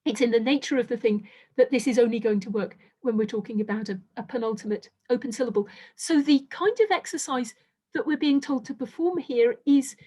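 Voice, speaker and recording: High-voiced woman giving a careful lecture. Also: a little mellow. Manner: careful, methodical explaining with frequent restarts. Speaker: university lecturer. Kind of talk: academic lecture.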